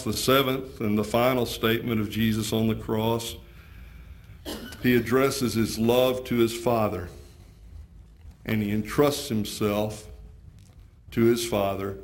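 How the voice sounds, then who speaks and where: Impassioned male preacher, rhetorical questions. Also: medium pitch. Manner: impassioned, rising from hushed to fervent. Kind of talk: sermon.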